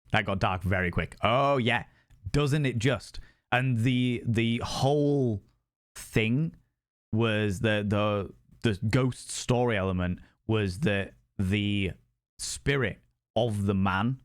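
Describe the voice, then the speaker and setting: A man's voice: fairly low pitch, no echo, clean studio sound. A man telling a ghost story on a live stream, sweary and rambling.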